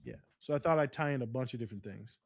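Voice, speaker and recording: A man co-hosting a podcast, talking casually and telling stories in long, animated rants. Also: mid-range voice, very fast, gravelly, dry recording. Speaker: podcast co-host.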